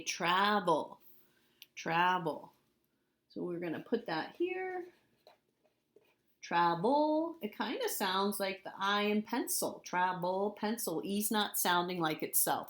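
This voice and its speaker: A woman's voice: fairly low pitch, expressive, measured pace, fairly bright tone. A woman teacher giving a recorded spelling lesson, patiently repeating words and spelling them out letter by letter.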